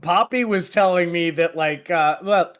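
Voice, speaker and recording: High-voiced laid-back man hosting a podcast. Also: a little slow, fairly bright tone. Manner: laid-back, laughs often. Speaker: podcast host. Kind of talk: casual chat.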